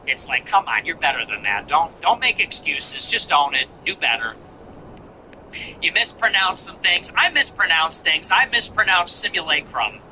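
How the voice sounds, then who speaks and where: Sarcastic male commentary host, bright voice. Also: fairly high pitch, animated, normal speed, slight background noise, low-quality recording. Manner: sarcastic, mock-sympathetic, laughing. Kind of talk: mocking solo commentary.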